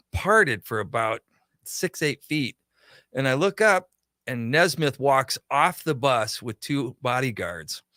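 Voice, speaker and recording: A man's voice: mid-range voice, no echo, studio quality. A middle-aged man, a pop culture shop owner, telling a long story in a casual radio conversation and acting out the quotes. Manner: animated anecdote teller, acts out quotes.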